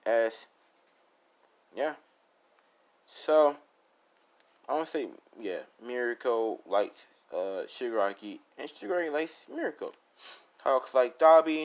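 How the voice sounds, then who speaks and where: A man casually telling a fan story, rambling and full of fillers as he retells who said what. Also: medium pitch.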